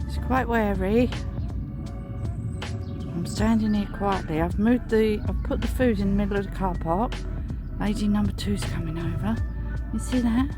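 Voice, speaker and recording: A woman's voice: medium pitch, normal speed, pauses often. Woman vlogger, chatty, outdoors, faint music underneath. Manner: chatty, rambling. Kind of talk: casual garden vlog chat. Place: outdoors in a garden.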